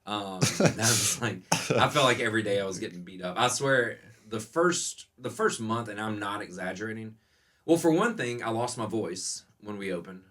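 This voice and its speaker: A man who owns a restaurant, telling stories as a guest in a casual podcast interview. He talks a lot, in a lively way, and laughs often. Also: fairly low pitch, moderate pace. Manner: animated, laughing, self-described talker.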